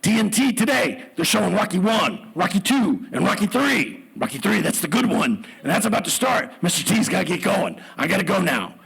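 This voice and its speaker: Give me a man doing a booming celebrity impression. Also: sing-song, fairly quick, vocal fry, hardly any pauses, slightly rough, exaggerated voice, poor audio. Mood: boastful. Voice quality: loud, proclaiming himself in the third person. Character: impression of a famous burly male celebrity, booming, talks about himself.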